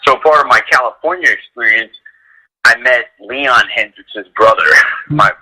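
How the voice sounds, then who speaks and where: Bright-voiced man telling animated stories. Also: moderate pace, slight background noise, rough recording. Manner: animated storyteller, heavy use of "like", acts out quotes in a higher voice. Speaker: guest, dog trainer. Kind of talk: casual radio chat, storytelling.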